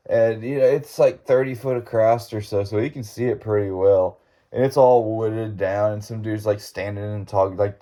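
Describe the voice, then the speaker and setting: A man's voice: mid-range voice, dark tone. A male podcast host casually retelling a friend's ghost story, rambling and often laughing as he quotes his friend.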